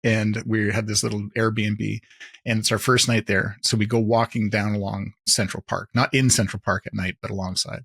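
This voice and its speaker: A man hosting a podcast who tells stories in an animated, laughing, conversational way. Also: lowish voice, normal speed, gravelly, husky, dry recording. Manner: animated storyteller, laughs often. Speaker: podcast host. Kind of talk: casual conversational chat.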